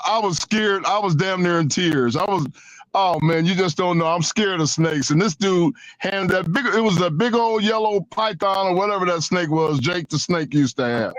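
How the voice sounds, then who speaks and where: A man in his sixties whose speaking voice sits high for a man, telling a story on a sports radio show. He talks in an animated way, stumbles and repeats himself as he goes. The studio sound is close and dry. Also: moderate pace, dry recording. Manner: animated storyteller who stammers and repeats words. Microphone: studio microphone.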